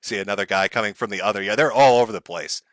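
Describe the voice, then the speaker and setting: A man's voice: fairly low pitch, very fast, fairly bright tone, no room sound, studio quality. A man hosting a live stream, commenting on clips in a mocking, profane way and laughing often. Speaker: livestream host.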